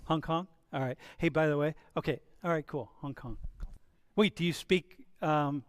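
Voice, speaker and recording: Casting: male lecturer from Ohio, slightly high voice, teasing classroom banter, talks to students in a big hall. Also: clean studio sound. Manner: chatty, teasing, quick restarts. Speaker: university lecturer.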